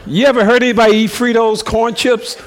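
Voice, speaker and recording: A man's voice: extremely high pitch, flat delivery, fairly quick, a little hiss or hum. A middle-aged man preaching, telling a story and acting out the voices of the people in it, laughing as he goes. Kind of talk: sermon storytelling.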